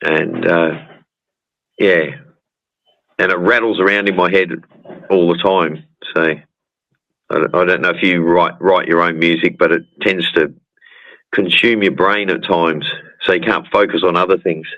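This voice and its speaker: A man's voice: deep voice, steady tone, measured pace, pauses often, no echo, dull audio. A man with an Australian accent, a guest musician chatting casually in a rambling way and stumbling over repeated words on a video call. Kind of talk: casual chat.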